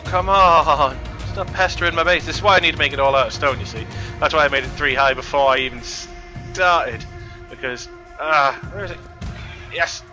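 A man giving excitable let's play commentary, shouting at the creatures in his game. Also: a little high. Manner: excitable, talks at the game creatures, frequent exclamations. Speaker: gaming channel host.

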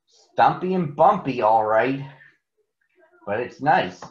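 A man's voice: mid-range voice, expressive, slow. A man voicing a kindly older elephant in a storybook reading, encouraging and grand like an announcer. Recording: echoey, muffled room recording.

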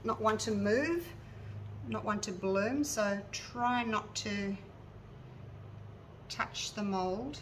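A woman's voice: mid-range voice, very slow, long pauses, far from the mic, poor audio. Chatty woman narrating her craft. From Australia. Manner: chatty, narrates each step aloud as she works, talks to viewers directly. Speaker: resin artist showing her craft. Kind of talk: casual hands-on craft tutorial. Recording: mic a little away, faint background noise.

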